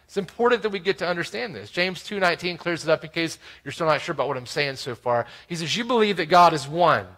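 A man preaching a sermon, explaining scripture verse by verse with frequent "right?" asides, swinging between loud emphasis and quiet asides. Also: a little high, expressive, fast, hardly any pauses, poor audio. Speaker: pastor.

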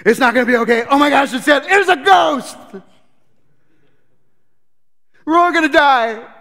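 A man's voice: extremely high pitch, animated, moderate pace, sharp tone, voice pushed up, heavily acted. A man voicing a panicky, seasick male disciple who wails and complains in a frantic, whiny way. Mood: panicked.

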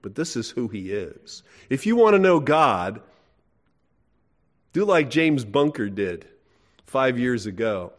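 A middle-aged man preaching a sermon in a folksy, emphatic way, asking his listeners questions. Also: fairly low pitch. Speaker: pastor.

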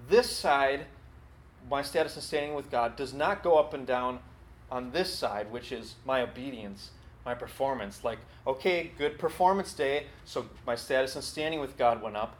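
A man preaching a sermon in a conversational, earnest way, with quick asides. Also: medium pitch. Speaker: pastor. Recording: echoey hall, faint background noise.

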